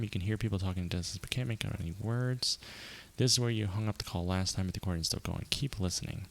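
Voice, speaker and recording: A man's voice: deep voice, creaky. A man streaming a live game playthrough, reading the on-screen text aloud with wry, chatty asides.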